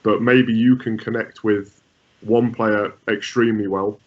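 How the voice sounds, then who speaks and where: Guy coaching goalies, low steady voice, kinda muffled lo-fi sound. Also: measured pace. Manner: repeats words, many restarts. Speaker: goalkeeping coach, guest. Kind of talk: conversational interview answers. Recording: muffled lo-fi audio.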